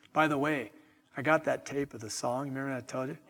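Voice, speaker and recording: A middle-aged man preaching a sermon with slow, emphatic delivery and chatty asides to his congregation. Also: medium pitch, steady tone, fairly bright tone, big-room sound. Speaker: pastor.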